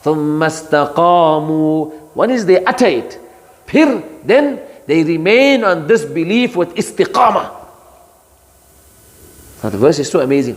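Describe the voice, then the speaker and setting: A man giving a sermon of Quran commentary, emphatic, rising into high rhetorical challenges and chanting Arabic verses. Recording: long hall reverb.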